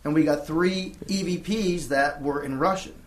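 A man's voice: on the high side, moderate pace. A man telling a short investigation story in a matter-of-fact way. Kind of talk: casual chat. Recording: roomy with faint background noise.

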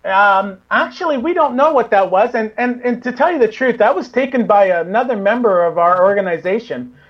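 A woman's voice: fairly high pitch, expressive, fairly quick, highs cut off. A woman who investigates the paranormal, a guest in a casual interview, rambling with many restarts.

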